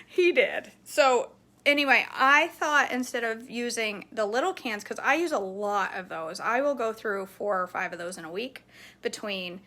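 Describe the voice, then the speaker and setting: A woman's voice: on the high side, normal speed, sharp tone. A woman in her forties casually chatting through a grocery haul, rambling through asides and laughing easily. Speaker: vlogger showing grocery haul. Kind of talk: casual chat.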